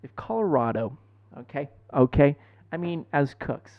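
A young man co-hosting a podcast, telling stories in a profane, animated way. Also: fairly high pitch, normal speed. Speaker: podcast co-host. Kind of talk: casual chat. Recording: dull lo-fi podcast mic.

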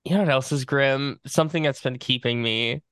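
Male co-host, casual and chatty, laughs easily, bright tone, dry sound. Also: mid-range voice, a little fast, clean tone, no room sound. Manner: laughs often, loose and rambling. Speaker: podcast co-host. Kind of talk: casual chat.

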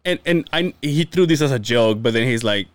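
A man co-hosting a casual podcast, telling animated stories, acting out quoted dialogue and swearing freely. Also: medium pitch, brisk, no echo. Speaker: podcast co-host.

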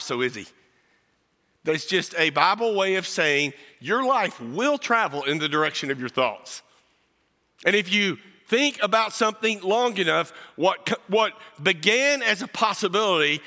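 A man's voice: sits high, bright, forceful tone, in a large hall. A man from South Texas, preaching as a guest pastor and telling a personal story in a folksy way that jokes with the congregation. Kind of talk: storytelling sermon. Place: church sanctuary.

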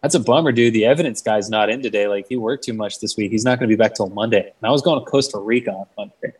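A young man with a low, husky voice tells his story casually, with a lot of cursing and "like". He acts out the people he quotes. He sounds a bit distant from the microphone. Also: fast. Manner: swears freely, fills with 'like', acts out quoted people. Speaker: guest. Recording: mic set back from the speaker.

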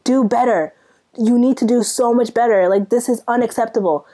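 On a casual podcast, a young Sudanese co-host rants, frustrated, asking one rhetorical question after another. She sounds mellow and a little high, at a moderate pace.

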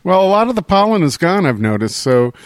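A man's voice: high voice, very animated, fairly quick, dry recording. A man hosting a food podcast, bantering playfully and teasing his co-host. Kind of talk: casual podcast chat.

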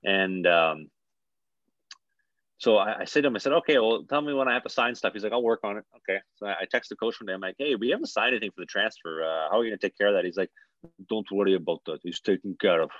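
A man's voice: on the low side, fast, no room sound, lo-fi sound. A young man, a hockey player, telling a story in a casual podcast chat, rambling and acting out what people said. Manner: rambling, animated, acts out quotes.

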